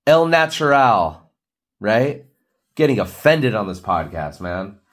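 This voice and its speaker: A man's voice: fairly low pitch, very animated, slow. A man around forty, hosting a podcast and ranting in a blunt, preachy, joking way. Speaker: podcast host. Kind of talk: ranting monologue.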